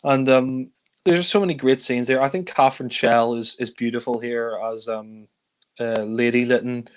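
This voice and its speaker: A man chats through a film review in a loose, rambling way. He leans on fillers and laughs under his breath as he goes. His voice sits at an ordinary middle pitch. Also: fairly even intonation, moderate pace, smooth. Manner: rambling, full of fillers and chuckles. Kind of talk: casual film review chat.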